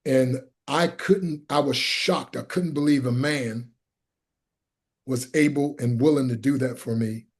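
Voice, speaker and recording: A middle-aged man telling personal stories in an interview, acting out the people in them and sometimes shouting. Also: mid-range voice, measured pace. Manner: acts out voices in his stories, sometimes shouting. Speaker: guest speaker. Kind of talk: animated storytelling.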